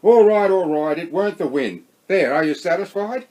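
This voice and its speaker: A man with an Australian accent voicing a gruff, nervous bloke who shouts and swears. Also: high voice, animated, normal speed, poor audio. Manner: loud, rough-spoken, swears.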